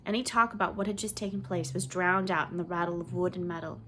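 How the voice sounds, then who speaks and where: A woman reading a children's novel aloud in clear, measured storybook narration. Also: on the low side, fairly even intonation, pushed and bright, slight background noise. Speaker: audiobook reader.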